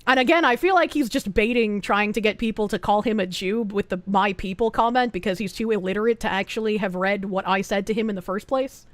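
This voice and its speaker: A woman's voice: medium pitch, no room sound. A woman streamer reading out posts to her chat in a casual, profane, exasperated way. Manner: profane, exasperated, quick to gasp and laugh.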